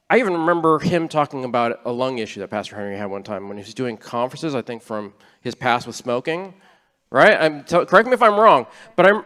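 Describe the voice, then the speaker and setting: A man's voice: a little high, fairly bright tone, in a large hall. A man preaching a sermon as a church elder, in an earnest, conversational way with frequent restarts. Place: church sanctuary.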